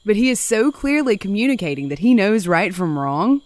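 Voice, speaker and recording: A woman's voice: mid-range voice, sing-song, normal speed, no room sound. A woman co-hosting a casual true-crime podcast, reacting with wry, sarcastic quips. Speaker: podcast co-host.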